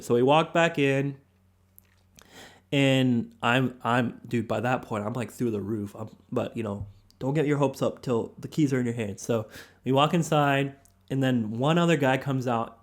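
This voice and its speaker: Chill young guy telling a story on his podcast, slangy, lots of "he's like", medium voice. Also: mid-range voice. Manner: laid-back, slangy, quotes others a lot. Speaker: podcast host. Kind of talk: casual storytelling.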